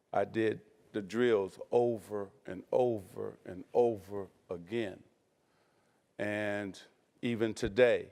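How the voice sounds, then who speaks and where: A man's voice: fairly low pitch, darkish tone. A man answering questions as a guest on stage in front of an audience, chatty, laughing often and using lots of fillers. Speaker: guest speaker. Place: stage before a live audience.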